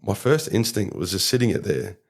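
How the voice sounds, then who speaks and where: A young Australian man tells a story in a casual podcast chat. His voice sits very low and carries a gravelly fry. He rambles from thought to thought and leans on fillers. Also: sing-song, brisk. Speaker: podcast guest, rugby league player.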